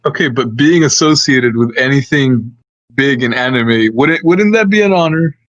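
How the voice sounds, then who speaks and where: A young man co-hosting a casual podcast, talking haltingly and laughing often. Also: mid-range voice, a bit bright, dry recording. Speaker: podcast co-host. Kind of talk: casual chat. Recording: dull lo-fi dry mic.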